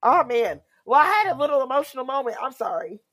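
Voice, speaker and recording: A woman's voice: sits high, big pitch swings, fast, a bit bright, dry recording. A woman co-hosting a podcast in casual chat, asking questions and chiming in often. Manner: conversational, asks questions, backchannels often. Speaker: podcast co-host.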